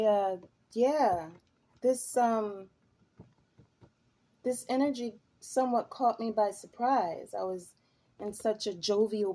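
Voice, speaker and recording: Husky lady doing a tarot reading, slow and dreamy, dark mellow tone. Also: mid-range voice. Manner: slow, musing and chatty, breaks into laughs. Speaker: tarot reader.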